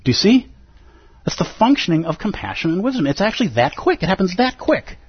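A man teaching at a Zen center, giving an emphatic, animated dharma talk and acting out the inner voices of his listeners. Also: high voice, fairly quick, breathy edge, no echo, muffled recording. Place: Zen center meditation hall.

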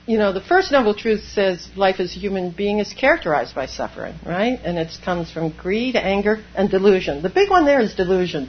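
A woman Zen priest giving a dharma talk, animated, laughing often and acting out inner voices. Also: medium pitch, slightly rough, muffled recording.

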